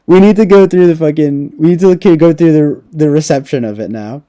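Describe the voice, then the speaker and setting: A man's voice: fairly high pitch, brisk, few pauses, mellow, clear, resonant tone. A man hosting a casual livestream, rambling and profane, tagging his thoughts with "like" and "right?". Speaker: livestream host. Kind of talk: casual livestream movie talk.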